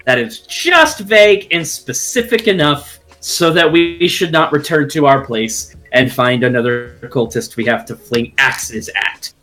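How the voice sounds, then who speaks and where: A man playing a tabletop game, describing his character's actions in an animated, playful way. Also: a little high, measured pace, few pauses, soft background music. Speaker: player.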